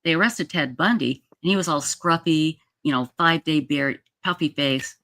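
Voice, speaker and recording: A woman's voice: low-pitched, moderate pace, a bit bright, no room sound. Woman in her 60s from utah telling a story on a livestream, rambly, lots of restarts, dry close mic. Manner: chatty, rambling, with many restarts. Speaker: livestream host. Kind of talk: casual storytelling. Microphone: streaming setup mic.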